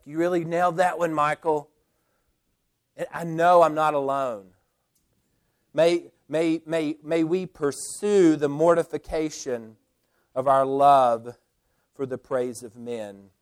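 A man's voice: fairly high pitch, clear, resonant tone. A man preaching a sermon in an earnest way, often repeating words as he restarts. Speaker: pastor.

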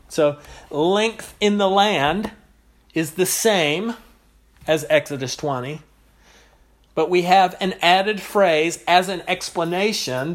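Man, preacher, expository sermon, higher-pitched voice, measured pauses, repeated phrases.

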